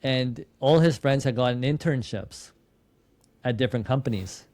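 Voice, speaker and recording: In a casual interview, a Canadian man who is an entrepreneur and podcast guest tells stories with quoted dialogue of his own, often repeating and restarting words. He has a medium-pitched, darkish voice and a moderate pace.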